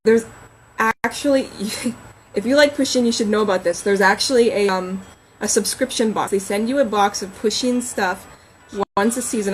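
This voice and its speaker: A woman's voice: medium pitch, normal speed, slight background noise, rough recording. A woman novelist chatting on a casual livestream from home, rambling and reading names aloud as she thinks.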